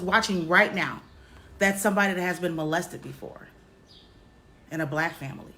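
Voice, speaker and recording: A woman's voice: fairly low pitch, sharp tone. Woman vlogging, tells her story straight to the camera, lots of restarts and repeats. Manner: halting, repeats words, speaks straight to viewers. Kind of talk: candid personal storytelling to camera.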